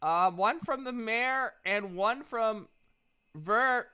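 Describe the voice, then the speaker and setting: A woman playing halting male messenger. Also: a little high, pushed and bright, clean tone, voice pushed up. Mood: hesitant. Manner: halting, with many fillers and restarts. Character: hesitant male messenger delivering letters.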